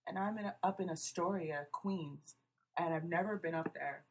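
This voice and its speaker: A woman's voice: fairly low pitch, moderate pace, a little hiss or hum. A young woman, a podcast guest telling a casual story and acting out what people said. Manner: casual, swearing, quotes people with voices. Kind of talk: casual chat.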